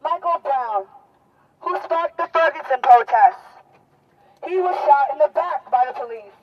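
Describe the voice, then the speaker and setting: A woman's voice: high voice, expressive, unhurried. A young woman giving an impassioned, emotional protest speech outdoors, rousing the crowd. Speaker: protest speaker. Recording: dull lo-fi outdoor recording.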